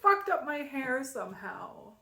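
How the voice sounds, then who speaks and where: A woman's voice: high-pitched, very animated, measured pace, creaky, bright, forceful tone. A young woman from Minnesota chatting casually to camera in a vlog, rambling with lots of "like" and sometimes dropping to a mutter. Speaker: vlogger.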